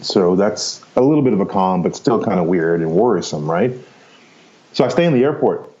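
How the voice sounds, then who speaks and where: A man's voice: sits low, animated, brisk, mellow, highs cut off. A man in his fifties, a podcast guest telling his story casually and rambling, often checking in with "right?" and "you know.". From Canada. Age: 50s. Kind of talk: casual first-person storytelling.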